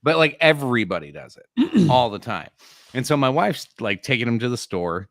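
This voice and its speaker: A man's voice: mid-range voice, big pitch swings, brisk, no room sound, clean studio sound. A middle-aged man co-hosting a live show, telling a funny family story with lots of laughing and swearing. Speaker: podcast co-host. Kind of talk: casual storytelling on a live stream.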